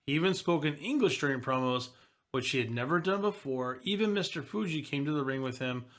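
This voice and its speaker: A man's voice: fairly high pitch, lively intonation, a little fast, a bit bright. A man co-hosting a casual wrestling podcast, reading through history notes and adding wry asides. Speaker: podcast co-host.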